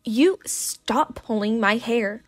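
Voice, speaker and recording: A woman voicing a teasing, hot-headed teenage boy who shouts threats, within a whispered role-play. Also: fairly high pitch, slow pace, dry recording. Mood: yelling. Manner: loud and threatening.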